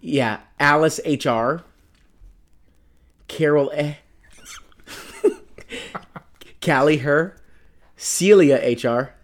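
A man co-hosting a casual podcast chat, laid-back and quick to laugh, sometimes trailing into a mumble. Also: fairly high pitch. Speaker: podcast co-host.

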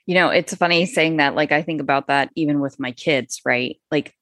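A woman's voice: sits low, moderate pace, fairly bright tone, no echo. A woman who is a parent, chatting casually on a podcast in a rambling way, with lots of fillers. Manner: rambling, many fillers, acts out quotes.

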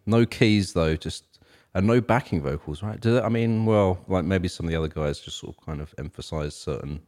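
A man with a noticeable accent and a very deep voice co-hosts a casual music podcast. He is relaxed and agreeable, filling his turns with quick yeahs as he shares band facts. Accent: non-American. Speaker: podcast co-host. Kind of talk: casual music review chat.

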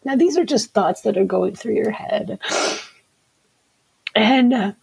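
A woman giving an earnest personal account as an interview guest. She talks haltingly and often repeats her words. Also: medium pitch, gravelly, darkish tone, slightly rough, rough recording. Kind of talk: personal testimony in conversation.

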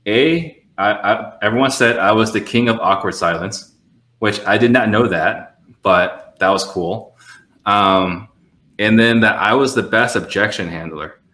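A man who trains real estate salespeople, talking casually in a podcast conversation, measured and explaining with quick acted-out phone exchanges. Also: lowish voice, bright, forceful tone, roomy sound.

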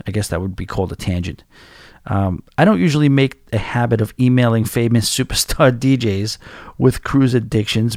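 A man's voice: lowish voice, a little mellow, no echo, clean studio sound. A man in his forties with a New York accent, hosting a podcast and rambling through a casual story with many restarts. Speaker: podcast host.

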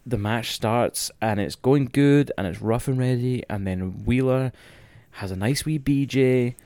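A young Scottish man recapping a wrestling match in casual, excitable, sweary podcast chat. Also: medium pitch, measured pace, dry recording.

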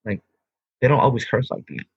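A man's voice: mid-range voice, sing-song, fairly quick, gravelly, breathy edge, dry recording, muffled recording. A man co-hosting a casual chat in an enthusiastic, easygoing way. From United States. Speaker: podcast co-host. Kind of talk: casual chat, then reading a script.

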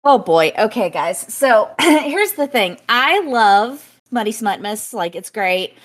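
A woman's voice: medium pitch, lively intonation, takes it slowly, fairly bright tone. A woman co-hosting a book podcast, talking in a giggly, self-conscious, rambling way with many fillers. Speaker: podcast co-host. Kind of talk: casual book review chat.

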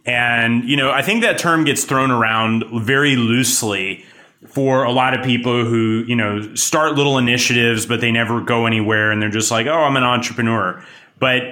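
A man hosting a business podcast with an energetic, chatty delivery and frequent laughs. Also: medium pitch, moderate pace. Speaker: podcast host.

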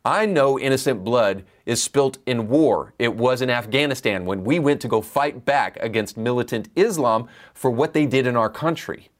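A man's voice: mid-range voice, moderate pace, few pauses. A man hosting a commentary show, delivering opinions in an emphatic, argumentative way. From United States. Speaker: commentary podcast host.

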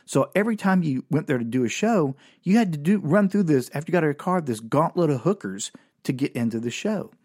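A man's voice: a little fast, dry recording, clean studio sound. A man telling a rambling, self-mocking comic story in a monologue. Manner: rambling, self-mocking, with animated swings in pitch. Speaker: comedian and storyteller.

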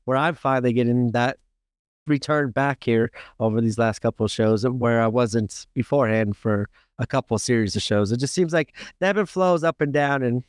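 A man's voice: mid-range voice, moderate pace, clean tone, dry recording, clean studio sound. A man co-hosting a podcast in easygoing casual chat. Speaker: podcast co-host.

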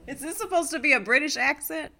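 A woman's voice: high voice, lively intonation, quick pace, pushed and bright. A woman co-hosting a casual podcast chat, teasing and laughing. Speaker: podcast co-host.

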